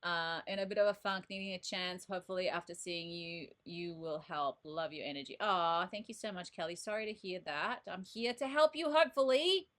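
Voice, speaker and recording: A woman's voice: on the low side, brisk, few pauses, fairly bright tone. A woman in her thirties hosting a casual live stream as a card reader, bubbly and chatty, greeting viewers by name from her home desk. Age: 30s. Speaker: livestream host and oracle card reader.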